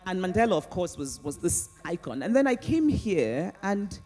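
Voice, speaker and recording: A woman, an author, answering audience questions on stage in an animated way, often laughing and restarting her sentences. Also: lowish voice, normal speed, soft background music. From Nigeria. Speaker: author guest at a book festival. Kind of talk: onstage conversation and audience Q&A.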